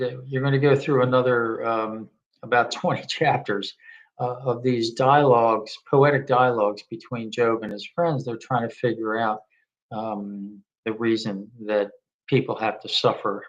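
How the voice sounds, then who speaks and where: Guy talking through a bible study, relaxed, lots of ums and uhs, mid pitch. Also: muffled recording. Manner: unhurried, many ums and uhs. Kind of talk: casual Bible study talk.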